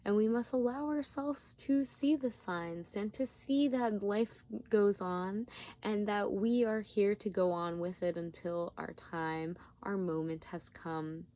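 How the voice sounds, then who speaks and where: A tired woman giving a spiritual tarot reading, talking gently with searching, repetitive phrasing and many fillers. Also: mid-range voice, steady tone, slow. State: yawning, tired. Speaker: tarot reader.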